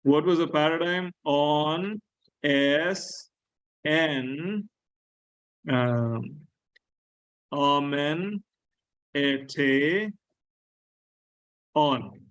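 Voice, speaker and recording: A man lecturing a class on Greek grammar, slowly repeating key words and asking his students questions. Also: a little high, fairly bright tone, smooth, highs cut off. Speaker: Greek teacher.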